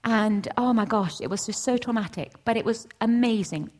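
Woman, middle-aged, church testimony, lively storytelling, slightly high voice. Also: moderate pace. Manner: animated storytelling, acts out voices with big pitch jumps. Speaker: church speaker. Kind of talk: testimony sermon.

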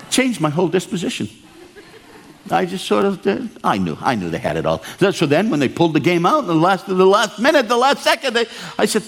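An older man from Maine preaching a storytelling sermon, animated and acting out the dialogue. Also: normal speed. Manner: animated, acts out dialogue with big pitch swings.

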